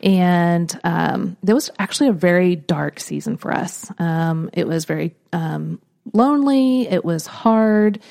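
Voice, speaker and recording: A woman hosting a podcast, telling a personal story in an earnest, reflective way, often trailing off softly. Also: lowish voice, a little slow, creaky. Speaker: podcast host.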